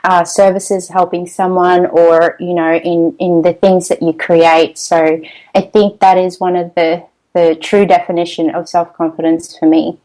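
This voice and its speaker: Chatty Australian mum as interview guest, laughs easily, natural restarts. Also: female voice, on the low side, level tone, unhurried, dark tone, poor audio. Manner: chatty, laughs often, many ums and restarts. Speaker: podcast guest.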